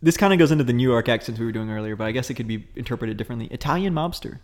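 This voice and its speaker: A man hosting a casual chat, talking in a relaxed, rambling way with laughs along the way. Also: medium pitch, racing.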